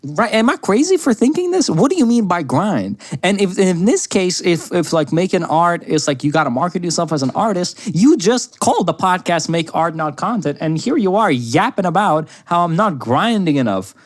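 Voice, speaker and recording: A man's voice: high-pitched, very animated, normal speed, hardly any pauses. A young man co-hosting a podcast, sarcastic and joking as he reacts to clips, laughing often. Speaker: podcast co-host. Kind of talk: casual reaction chat.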